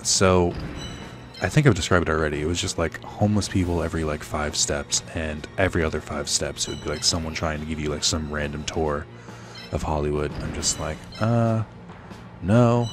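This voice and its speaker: A man's voice: extremely low pitch, level tone, fairly quick, over music. A young man telling a rambling, sardonic story while playing a video game, full of fillers. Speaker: let's play host. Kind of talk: casual storytelling while gaming.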